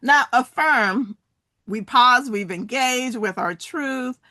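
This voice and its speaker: A woman presenter in middle age talks listeners through a wellness framework and guides them through spoken exercises. She speaks slowly, with a bright voice that swings widely in pitch. The sound is dry and close, with no room echo. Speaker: workshop presenter. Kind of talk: interactive wellness talk.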